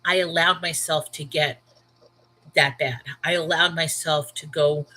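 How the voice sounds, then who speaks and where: A woman's voice: sits low, fairly even intonation, measured pace, sharp tone, poor audio. Chatty Brooklyn woman hosting a livestream. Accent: Brooklyn New York. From New York. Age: 30s. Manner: chatty, talks straight to viewers by name; candid and emphatic. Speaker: livestream host. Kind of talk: casual Bible livestream chat.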